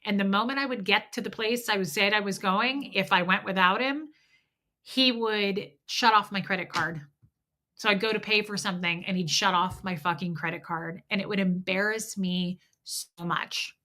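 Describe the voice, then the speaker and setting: A woman's voice: medium pitch, normal speed, pushed and bright. A middle-aged woman talking candidly and rambling on a livestream, a little stuffy-nosed, greeting viewers by name. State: stuffy nose. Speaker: livestream host. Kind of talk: casual livestream chat.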